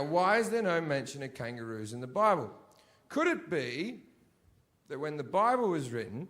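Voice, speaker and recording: A man doing crude, profane stand-up comedy on stage, ranting and often rising into shouts. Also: mid-range voice. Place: theater stage before a live audience.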